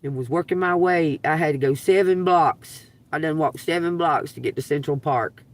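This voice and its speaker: A middle-aged woman with a Southern US accent from Georgia, a tarot reader on a live stream, tells a rambling, profane story in a low-sitting voice at a moderate pace. She is animated and laughs as she goes, and the dry recording sounds distant from the mic.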